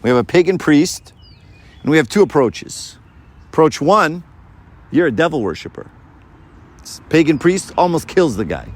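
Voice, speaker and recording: A man giving a sermon to a live audience, lively and full of rhetorical questions. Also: fairly high pitch, moderate pace, long pauses. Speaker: preacher.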